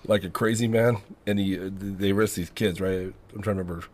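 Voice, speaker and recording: A man's voice: sits low, steady tone, fairly quick, darkish tone. A man hosting a podcast, chatting casually and asking questions. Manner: chatty, laughs easily, asks questions. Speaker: podcast host.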